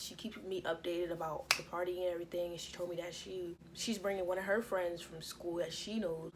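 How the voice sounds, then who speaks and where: A young woman casually telling a personal story to her viewers, profane and lively, acting out what everyone said. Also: lowish voice, slight background noise, rough recording. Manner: animated, profane, acts out quotes. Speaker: storytime vlogger.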